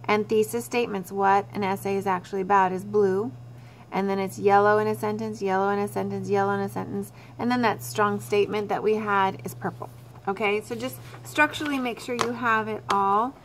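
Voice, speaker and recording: A woman's voice: medium pitch, steady tone, brisk, slight background noise. A woman teacher giving a recorded writing lesson to her students. She talks them through their drafts step by step and repeats the key points.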